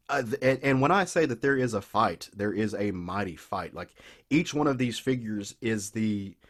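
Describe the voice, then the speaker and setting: A man with a Southern US accent on a podcast, eagerly retelling a comic book story in a rambling, casual way full of restarts. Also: mid-range voice. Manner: enthusiastic, rambling, many restarts. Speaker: podcast co-host.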